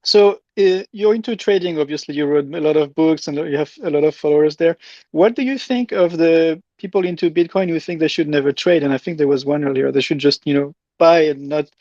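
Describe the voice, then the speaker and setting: A man with a somewhat high voice phones in and fumbles his way toward a question, stopping and starting. His sound is dull and lo-fi, with no room echo. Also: dark tone. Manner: hesitant, rambling, halting starts. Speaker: caller. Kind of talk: casual chat.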